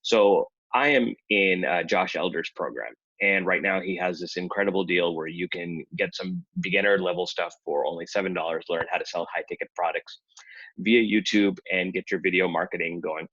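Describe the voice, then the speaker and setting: Deep-voiced guy rambling thru a vlog, kinda husky, dull dry mic. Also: moderate pace, fairly bright tone, no room sound. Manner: rambling, chatty, self-correcting. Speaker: YouTuber talking about affiliate marketing. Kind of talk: casual screen-share vlog.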